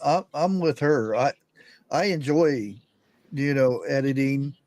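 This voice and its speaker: A man who is a panel guest, speaking in an easygoing way and often halting and restarting his sentences. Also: mid-range voice, animated, darkish tone, dry recording, poor audio. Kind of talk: casual panel chat.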